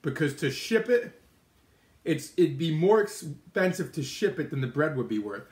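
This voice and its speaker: A man's voice: on the high side, sing-song, moderate pace, a little mellow, echoey room. Chatty man eating on a live stream. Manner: talks with his mouth full, chatty, answers viewer comments. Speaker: livestream host eating on camera. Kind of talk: casual live-stream chat while eating. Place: indoor kitchen with oven and microwave.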